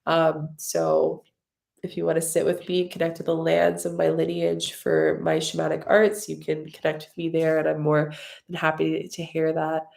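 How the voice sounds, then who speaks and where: A woman's voice: sits low, level tone, normal speed, vocal fry, a little mellow. A woman hosting a live stream, answering viewer comments in a loose, rambling way, effusive and openly emotional with lots of gratitude. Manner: loose, rambling with many fillers. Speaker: spiritual mentor and channel host.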